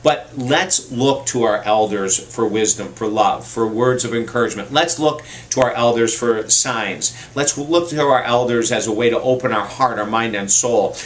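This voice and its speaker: A man's voice: mid-range voice, normal speed, few pauses, a little hiss or hum. A man giving a motivational message to camera, telling personal stories in an earnest, heartfelt way and repeating key points for emphasis. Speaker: motivational speaker.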